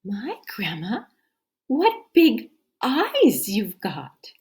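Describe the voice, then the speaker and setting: A woman's voice: a little high, wildly swooping pitch, extremely slow, a little mellow, pitched above the performer's own voice, heavily acted. A woman reading a storybook aloud, voicing a trusting little girl who talks in an innocent, wondering way.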